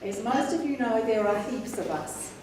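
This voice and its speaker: Her voice a little high with lively intonation, this woman tells warm, measured stories about the couple in her wedding speech, laughing as she goes. It's captured on a distant mic in an echoey reception hall, with a little hiss or hum.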